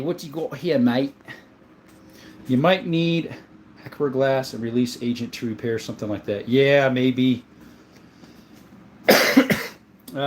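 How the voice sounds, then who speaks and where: A man's voice: mid-range voice, darkish tone, slight background noise. A man hosting a casual livestream, reading viewer comments aloud and answering them in a friendly way, often calling people "my friend.". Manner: friendly, answers viewer questions about his gun collection; often says "my friend" and "mate". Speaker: livestream host reading chat.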